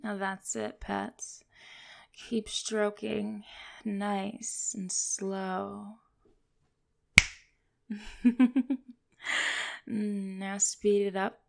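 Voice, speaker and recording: A woman speaking in a commanding, teasing way for an erotic hypnosis role-play, breaking into soft low laughs. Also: monotone, extremely slow, creaky. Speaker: dominant hypnotist persona.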